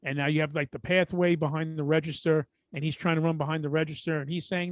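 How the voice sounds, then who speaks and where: A middle-aged man with a New York accent tells a story on a podcast, animated and chatty. His voice sits a little high. The sound is dry and close to the mic. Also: fast, no echo. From Brooklyn, New York. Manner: animated storyteller, mimics people in quotes. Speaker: podcast co-host. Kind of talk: casual storytelling chat.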